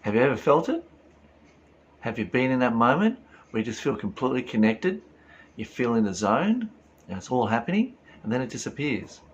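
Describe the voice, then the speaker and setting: A man's voice: mid-range voice, big pitch swings, normal speed, highs cut off, a little hiss or hum. A man giving a reflective spiritual talk, earnest and full of rhetorical questions. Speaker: spiritual teacher.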